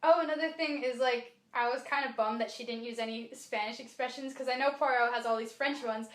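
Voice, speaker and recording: A woman co-hosting a podcast talks about a book in a casual, animated way, full of fillers and restarts. Her voice sits high. The sound has a roomy echo. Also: brisk. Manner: chatty, animated, many fillers. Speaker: podcast co-host. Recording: echoey room.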